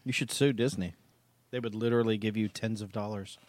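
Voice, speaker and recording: A man's voice: lowish voice, steady tone, a little fast. A man co-hosting a podcast in casual comedic chat, joking and teasing, often laughing. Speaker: podcast co-host.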